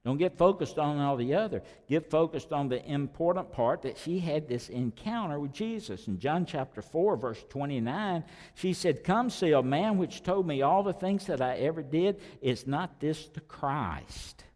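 A pastor preaching a sermon, talking conversationally with sudden loud rises and quiet drops. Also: male voice, a little high, animated, moderate pace, few pauses, big-room sound.

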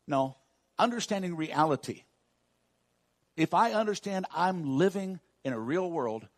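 An older man with a Texan accent preaching a sermon as pastor, folksy, swinging from soft asides to loud emphasis. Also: fairly high pitch.

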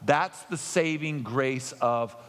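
A man preaching a sermon, emphatic, with loud excited bursts and quiet earnest asides. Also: medium pitch, moderate pace. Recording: long reverb of a large hall.

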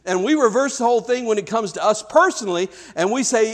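A man preaching a sermon as pastor, talking in an animated, conversational way with frequent restarts. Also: sits high, quick pace.

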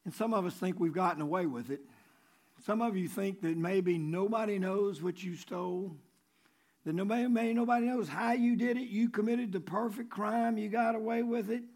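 A man preaching a sermon in a conversational way, repeating key phrases and dropping low before rising for emphasis. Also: steady tone, moderate pace, darkish tone. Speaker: pastor.

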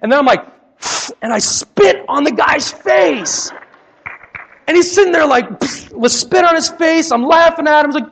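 A young man preaching a sermon, telling a personal story with animated, acted-out scenes. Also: very high voice, normal speed, big-room sound.

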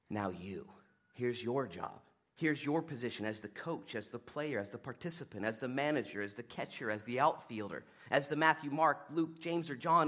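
Animated man preaching a sermon. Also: on the high side. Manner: animated, conversational preaching with sudden swings between loud and hushed; fast-talking, laughs at his own asides. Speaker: pastor.

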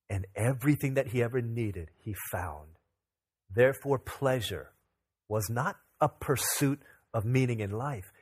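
A man in his thirties, a pastor, preaching a sermon that opens with a lively family anecdote, acting out the dialogue in it. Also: lowish voice, breathy edge. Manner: animated, acts out dialogue in anecdotes. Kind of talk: sermon with storytelling.

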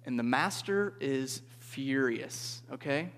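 A man preaching to a group in a relaxed, conversational way, often checking in with "okay?" and asking the listeners questions. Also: medium pitch, moderate pace. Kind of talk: interactive sermon. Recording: reverberant hall.

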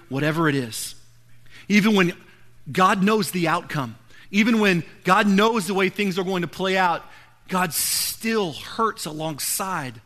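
Delivering his sermon, a pastor with a high voice works up earnestly to sharp rhetorical questions, then sinks to a soft, hushed tone.

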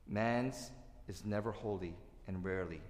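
A male pastor preaching a sermon, animated, swinging between loud emphasis and quiet asides. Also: lowish voice, a little slow. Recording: echoey hall with long reverb.

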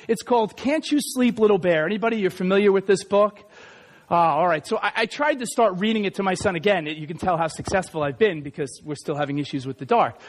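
Very high-pitched man giving a conversational sermon, joking aside to the crowd. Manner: chatty, self-deprecating, many asides. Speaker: preacher.

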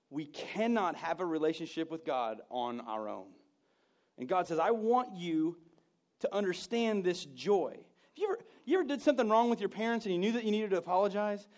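A man in his thirties, a pastor preaching a sermon with animated storytelling, playful asides and laughter. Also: sits high. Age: 30s.

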